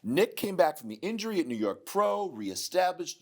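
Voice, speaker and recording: A man co-hosting a casual talk, sharing opinions in an expressive way. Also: fairly high pitch, moderate pace. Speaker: co-host. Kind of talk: casual bodybuilding chat.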